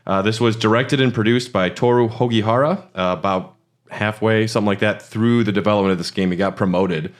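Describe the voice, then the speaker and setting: A man's voice: on the low side, steady tone, a little fast. A man co-hosting a podcast, talking casually about games with lots of fillers and restarts. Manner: rambling, many fillers and restarts. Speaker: podcast co-host. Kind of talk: casual chat.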